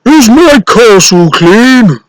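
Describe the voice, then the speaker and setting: Storybook giant, bossy and bad-tempered, bellowing slowly, voiced by a man reading aloud. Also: extremely high pitch, animated, no room sound, voice pushed up, heavily acted, rough recording. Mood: demanding. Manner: slow bellowing demands.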